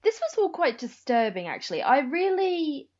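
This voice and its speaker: Lively woman on a dull lo-fi mic. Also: high-pitched, normal speed. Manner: emphatic, indignant commentary. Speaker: book podcast co-host. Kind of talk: casual chat.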